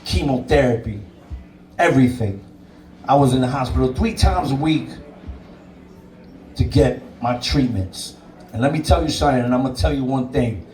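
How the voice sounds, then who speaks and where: Dj guy telling it straight and cursing, mellow voice, sounds off mic in an echoey room. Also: mid-range voice, far from the mic, slight background noise. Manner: blunt, emphatic, swears freely. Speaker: DJ and interview guest. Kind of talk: candid personal storytelling. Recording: roomy sound, away from the mic.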